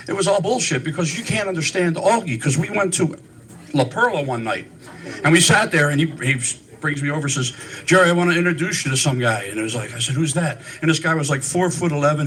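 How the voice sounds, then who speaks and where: A man's voice: on the high side, fairly bright tone, low-quality recording. A man telling a rambling, swearing story at a live roast, repeating his words as he goes.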